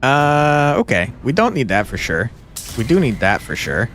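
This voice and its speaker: A man's voice: medium pitch, sing-song, normal speed, a bit bright, a little hiss or hum. A man streaming a game live, chatting playfully with viewers and reading the story text aloud.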